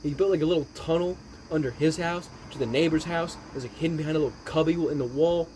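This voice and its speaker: A man's voice: on the high side, fast talker, warm tone, slight background noise. A man giving a rambling, exasperated movie recap, swearing heavily as he talks. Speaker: movie reviewer. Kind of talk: profane movie recap rant.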